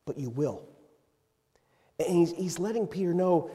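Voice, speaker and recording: A man preaching a sermon, moving between loud emphatic passages and hushed, tender ones. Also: mid-range voice, moderate pace. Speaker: pastor. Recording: long reverb in a hall.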